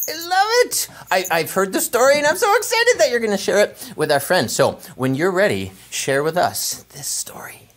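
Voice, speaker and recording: An enthusiastic woman hosting a children's library show, warmly interviewing a storyteller guest. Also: mid-range voice, big pitch swings, a little fast, few pauses. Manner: enthusiastic and gushing.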